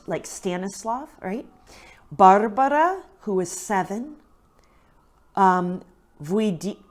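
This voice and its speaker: A woman telling a moving faith story in a casual, earnest way, with lots of fillers and asides, at times close to tears. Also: mid-range voice. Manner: earnest and emotional, many fillers and "right?". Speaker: guest speaker.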